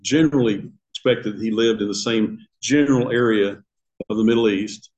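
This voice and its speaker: A man's voice: fairly low pitch, normal speed, a little mellow, poor audio. An older man teaching a Sunday school class in a church classroom. He talks in a conversational way, asks the class questions and chuckles at his own asides.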